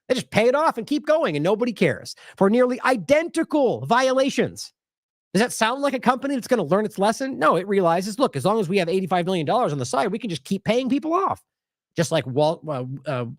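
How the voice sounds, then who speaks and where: A man's voice: high voice, no room sound, clean studio sound. A man hosting an independent news show, commenting indignantly on clips with sarcastic asides.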